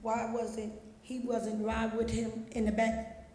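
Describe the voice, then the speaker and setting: A woman's voice: a little high, completely flat delivery, slow pace, warm tone. Grieving mother pleading in an echoey chamber. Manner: pleading, repetitive questioning. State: grief-stricken. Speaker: grieving mother speaking at public comment. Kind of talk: public statement at a council meeting. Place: large council chamber. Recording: echoey chamber with long reverb, faint noise.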